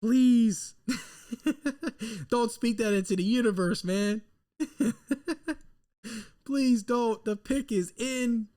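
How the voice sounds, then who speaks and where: High-voiced, excitable man. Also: slow, pauses often. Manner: excitable, nervous, rambling fan talk. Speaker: sports fan host. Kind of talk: live draft reaction stream. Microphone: desk mic.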